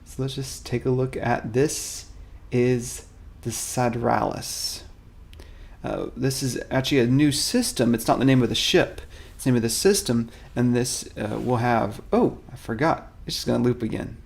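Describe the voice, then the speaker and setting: A man's voice: mid-range voice, normal speed, gravelly, a little mellow. A man filling in as host of a weekly product update. He chats casually and playfully with viewers, greeting them by name, rambling and joking at his own expense. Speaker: stand-in host of a miniatures studio's weekly update. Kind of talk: casual product showcase, chatting to live viewers.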